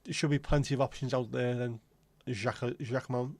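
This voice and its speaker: A man hosts a relaxed live stream, answering viewer comments in friendly, teasing banter. His voice sits at an ordinary middle pitch, and the sound is close and dry with no room echo. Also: fairly quick. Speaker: livestream host. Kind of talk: casual chat reading out viewer comments.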